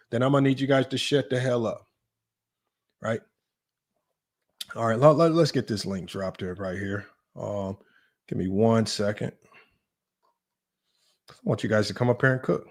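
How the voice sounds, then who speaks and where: A young man hosting a casual basketball livestream, reading chat and super chats in an animated, mocking way that jumps high when he's incredulous. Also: normal speed, long pauses. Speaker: sports talk livestream host.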